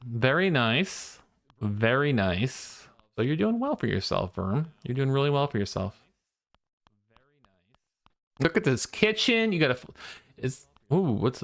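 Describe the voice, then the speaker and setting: A man's voice: mid-range voice, fairly bright tone. A man streaming a video game, chatting casually, thinking aloud and laughing often into a desk microphone. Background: game music.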